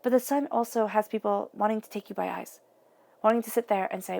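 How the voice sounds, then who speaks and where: Woman, tarot reader, gravelly fry, earnest, conversational, talks straight to the viewer. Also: medium pitch, steady tone, fairly quick, darkish tone. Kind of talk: tarot reading monologue.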